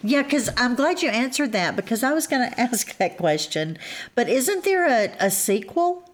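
A woman co-hosting a casual book chat, measured and thoughtful, gently teasing. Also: a little high, big pitch swings. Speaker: co-host.

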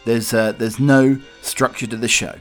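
A man's voice: medium pitch, fairly even intonation, a little slow, soft background music. A man from Norfolk hosting a casual solo podcast, rambling with many hesitations and restarts. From Norfolk, England. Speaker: podcast host.

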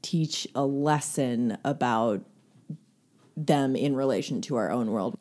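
A woman in casual conversation about books, wry and quick with short asides. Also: very deep voice, darkish tone. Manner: wry, chiming in with short remarks. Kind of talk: casual book discussion.

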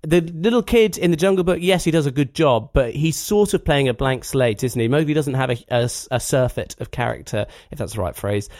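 A man's voice: medium pitch, brisk, few pauses, darkish tone, no echo, clean studio sound. A man co-hosting a film review chat, chatty and self-deprecating. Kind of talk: casual chat.

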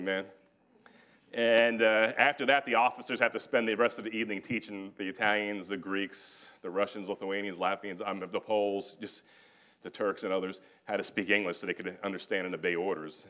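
A man's voice: medium pitch, a bit bright. A man giving a military history lecture to a live audience, talking conversationally with joking asides and casual paraphrases of historical figures. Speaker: guest lecturer.

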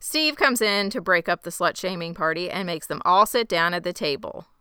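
A woman's voice: lowish voice, lively intonation, normal speed, pushed and bright, clear, resonant tone, no echo, clean studio sound. A woman co-hosting a podcast, recapping a TV episode in casual chat with wry, sarcastic asides. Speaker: podcast co-host.

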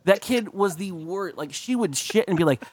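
A man's voice: sits high, animated, moderate pace, dry recording. A young man co-hosting a comedy podcast, telling crude, rambling stories full of swearing. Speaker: podcast co-host. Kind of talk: casual comedic chat.

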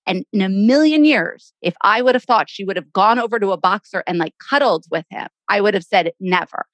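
Woman cohost, calm reflective chat, dry close recording. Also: mid-range voice, fairly quick, no room sound. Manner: supportive listener, reflective, plays out quotes. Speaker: podcast co-host. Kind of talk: casual chat.

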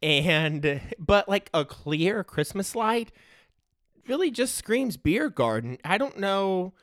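A man's voice: high voice, very animated, slow, a bit bright, no echo, clean studio sound. A young man hosting a podcast on his own, chatting casually in a rambling, joking way and laughing often. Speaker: podcast host. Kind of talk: casual solo podcast chat.

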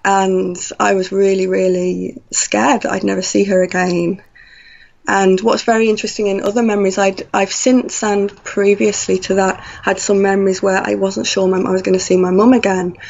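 A woman telling a personal story in an animated way, acting out her own past thoughts. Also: medium pitch, normal speed, gravelly. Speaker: guest. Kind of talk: conversational storytelling. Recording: slightly dull lo-fi audio.

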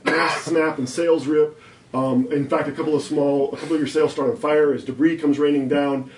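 A man running a tabletop role-playing game as game master, explaining rules and slowing down to narrate scenes vividly. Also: fairly high pitch, steady tone, far from the mic. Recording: roomy, a little off-mic, faint background hum.

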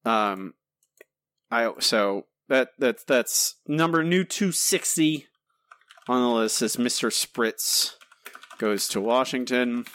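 A man co-hosting a casual podcast, animated and argumentative, often restarting his sentences. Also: medium pitch, slow pace, clear, resonant tone, no room sound. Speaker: podcast co-host.

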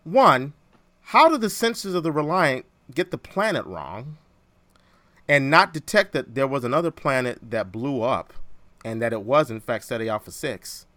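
A man hosting a podcast in casual chat, animated and jokey. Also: mid-range voice, moderate pace, dry recording. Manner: animated, jokey, quotes lines from films. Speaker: podcast host.

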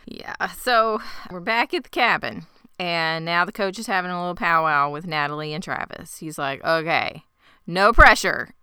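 A woman co-hosting a podcast, retelling a TV episode in a snarky, animated way. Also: on the low side, moderate pace, smooth, dry recording, studio quality. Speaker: podcast co-host. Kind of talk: casual recap chat.

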